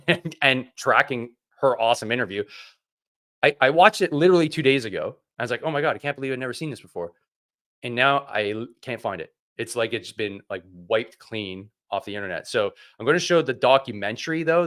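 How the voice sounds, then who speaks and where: Sarcastic man hosting a livestream. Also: lowish voice. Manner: animated, sarcastic ranting. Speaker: host. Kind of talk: casual livestream chat.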